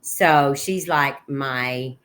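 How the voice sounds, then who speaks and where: A middle-aged woman, a guest on an interview podcast, recounting her son's final months in a halting way, with many restarts and recalled conversations. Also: rumbling low, a bit bright. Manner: halting, with frequent restarts and quoted dialogue. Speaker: guest, bereaved mother. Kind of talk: personal account in an interview.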